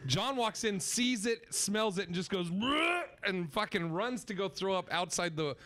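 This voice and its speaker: A man hosting a comedy podcast, telling a crude prank story with lively acted-out quotes and bursts of laughter. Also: sits high, moderate pace. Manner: animated storyteller, acts out shouting and quoted voices, laughs while telling. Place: festival stage with live audience.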